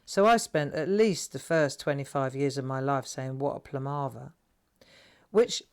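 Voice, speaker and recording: A woman's voice: rumbling low, lively intonation, moderate pace, clean tone. A woman in her sixties with a South London accent, chatting and laughing as host of a live craft stream, often tagging her sentences with "right?". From England. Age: 60s. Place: home craft room.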